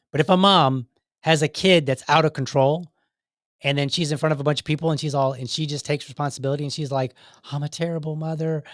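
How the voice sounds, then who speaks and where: An earnest man in casual conversation, rambling through his points with frequent restarts and asides. His voice sits at a middle pitch, and the sound is close and dry with no room around it. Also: a bit bright, no room sound. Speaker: podcast host. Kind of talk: casual commentary on videos.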